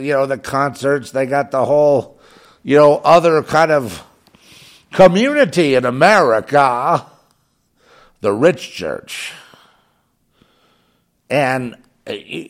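A man delivers a fervent, rambling preaching monologue, circling back on his phrases again and again. His voice sits at an ordinary middle pitch.

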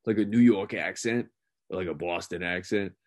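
A man's voice: deep voice, normal speed, dry recording. A young man in casual, profane, joking chat with a friend, laughing often.

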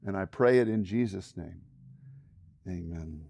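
Animated male preacher, dry close sound. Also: deep voice, measured pace, vocal fry, slightly rough, no echo. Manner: animated storytelling, acting out voices, then hushed prayer. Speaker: pastor. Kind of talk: sermon with acted-out Bible story and prayer.

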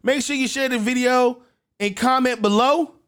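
A man's voice: very high-pitched, normal speed, fairly bright tone, clean tone. A man hosting a sports podcast, giving his football picks in a brash, punchy, repetitive way. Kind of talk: solo sports picks commentary.

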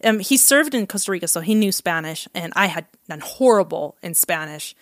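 A woman's voice: lowish voice, lively intonation, fairly quick, no echo, studio quality. A woman telling a personal story in casual conversation, acting out quoted dialogue and often laughing. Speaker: guest telling her adoption story.

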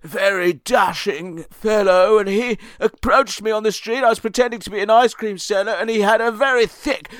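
A man's voice: high-pitched, moderate pace, few pauses, fairly bright tone, no room sound. A man playing a bumbling, rambling old character actor being interviewed in a comedy sketch. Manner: doddering, rambling, stammering. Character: bumbling elderly male character actor Grumpy.

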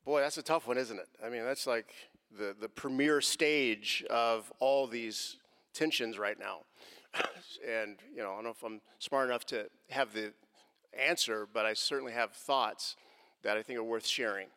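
A middle-aged man giving an earnest answer to a question on faith and race, moving from quiet reflection to impassioned emphasis. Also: mid-range voice, normal speed. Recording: long hall reverb.

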